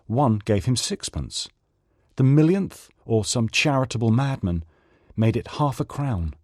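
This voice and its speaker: A man from Manchester, England, narrating a story with a lively, wide-ranging pitch. His delivery is dramatic and expressive. The recording is dry and close. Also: no room sound. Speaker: story reader. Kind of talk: audiobook narration.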